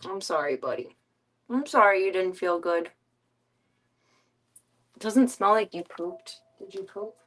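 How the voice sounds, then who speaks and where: A woman streamer in casual chat, talking softly and coaxingly to her pet. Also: medium pitch, lively intonation, measured pace, long pauses. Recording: distant mic.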